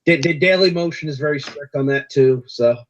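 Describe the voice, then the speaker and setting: Halting young man on a dull stream. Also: a little high, crowd noise. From United States. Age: young adult. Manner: hesitant, stumbling over words. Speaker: guest. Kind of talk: casual livestream chat.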